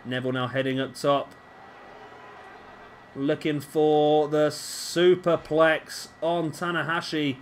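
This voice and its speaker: Gaming host, man, excitable wrestling-game commentary, fairly high voice, slight noise under the recording. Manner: excitable, cheering the wrestlers on aloud.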